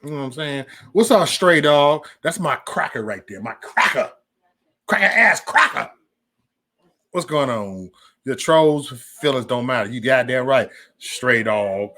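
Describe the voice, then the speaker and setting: Man, livestream host, casual chat; lively, bright and loud, profane, drops to a mumble between bursts. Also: mid-range voice, measured pace.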